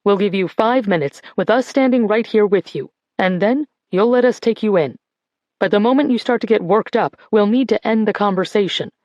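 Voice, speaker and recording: A woman's voice: mid-range voice, moderate pace, darkish tone, no room sound, muffled recording, lightly acted. A woman reading a firm, practical paramedic man.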